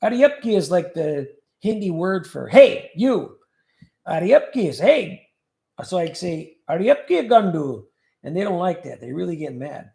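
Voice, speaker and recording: Gravelly high-voiced man hosting a livestream. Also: animated, normal speed, warm tone. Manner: joking, rambling, reads comments aloud. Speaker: livestream host. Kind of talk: casual chat reading viewer comments. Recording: echoey room.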